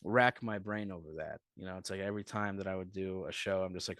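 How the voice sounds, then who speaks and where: Low-voiced, profane comedian telling stories. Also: male voice, fast talker, hardly any pauses, a bit bright, no room sound. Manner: profane, rambling storyteller. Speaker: comedian guest. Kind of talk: casual podcast chat.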